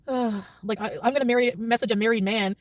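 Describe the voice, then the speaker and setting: A woman's voice: fairly high pitch, steady tone, normal speed, no room sound. A woman vlogger chatting casually, rambling and defensive, laughing often. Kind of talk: casual vlog chat.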